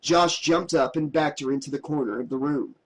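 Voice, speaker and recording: A man narrating a horror audiobook in a steady, dramatic storytelling voice. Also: a little high, fairly quick, poor audio.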